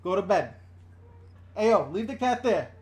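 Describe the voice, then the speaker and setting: A middle-aged man from the New York and New Jersey area rants on a live stream from a room at home. His voice sits high for a man. He is blunt and chatty, swears freely and reads viewer comments aloud as he goes. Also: very animated, moderate pace. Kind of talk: casual live-stream rant.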